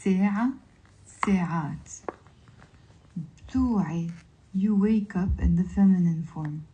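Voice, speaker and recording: Woman slowly drilling Lebanese Arabic words. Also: fairly low pitch, mellow, highs cut off, a little hiss or hum. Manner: slow, careful word-by-word pronunciation drills. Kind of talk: vocabulary lesson on a livestream.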